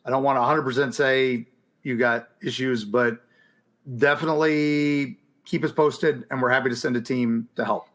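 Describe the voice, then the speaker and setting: Man co-host, casual, hesitant, mid-pitched everyday voice. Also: normal speed. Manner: relaxed, rambling, hesitant with ums. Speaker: podcast co-host. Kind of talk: casual chat answering listener questions.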